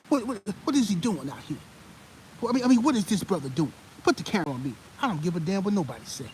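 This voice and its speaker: A man doing an impression of a preachy male TV sports pundit, by turns measured and scolding. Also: fairly high pitch, slight background noise, close to an everyday voice, low-quality recording. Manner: measured and calm, then loud and scolding.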